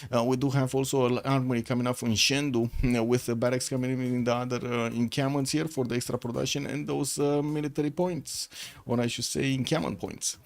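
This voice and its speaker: A man's voice: mid-range voice, little pitch movement, a little fast, gravelly. A man casting a strategy game match live, thinking aloud with lots of fillers and self-corrections. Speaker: caster.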